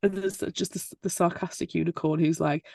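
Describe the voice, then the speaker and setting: Gravelly-voiced gushing woman co-host. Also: lowish voice, steady tone, fairly quick, dark tone, no echo, clean studio sound. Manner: gushing, playful, breaks into squeals. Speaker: podcast co-host. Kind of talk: casual book chat. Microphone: video call.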